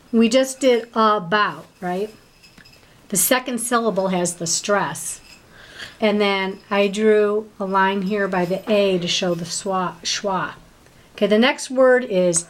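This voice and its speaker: A woman teacher giving a one-on-one reading lesson, patient and full of prompting questions. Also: medium pitch.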